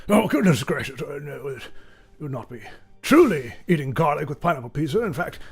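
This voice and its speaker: A man with a slightly high voice hosts a casual stream, rambling and correcting himself as he chats. Soft music plays faintly underneath. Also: big pitch swings, fairly quick, creaky. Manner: rambling, self-correcting, playful. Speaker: streamer host. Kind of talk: casual livestream chat.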